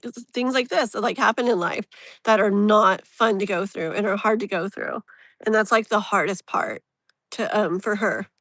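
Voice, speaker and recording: A woman's voice: medium pitch, a bit bright, no room sound. A woman hosting a casual live tarot reading, rambling and emotionally open, with lots of fillers. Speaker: tarot reader, live stream host.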